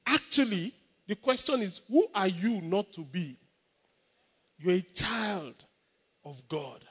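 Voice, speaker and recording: Man, pastor, high voice, emphatic sermon, repeated exhortations, call-and-response. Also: expressive, slow, slightly rough, long reverb tail.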